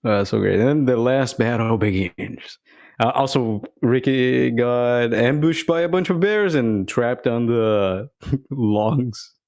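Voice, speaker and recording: A man's voice: medium pitch, slow pace, a little mellow. A man co-hosting a podcast, joking and laughing often in casual chat. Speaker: podcast co-host.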